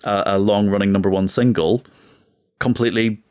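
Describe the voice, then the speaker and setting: A man in his thirties talks through a casual podcast conversation with plenty of emphasis and energy. His voice sits on the low side. He keeps his delivery lively and expressive. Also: normal speed, clean tone. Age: 30s. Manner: animated, emphatic, acts out quotes. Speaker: podcast co-host. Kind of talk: casual chat.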